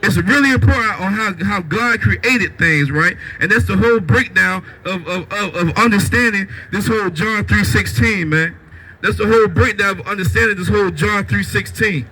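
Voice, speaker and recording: Street preacher guy, really high husky voice, says "right?" after everything. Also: normal speed, bright, forceful tone, low-quality recording. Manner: asks "right?" after nearly every line, rhetorical questions. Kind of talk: street sermon.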